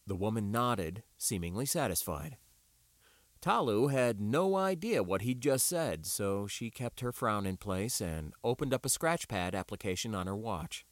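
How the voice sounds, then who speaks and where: A man narrating an audiobook with a wry, expressive reading. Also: lowish voice, normal speed, no echo.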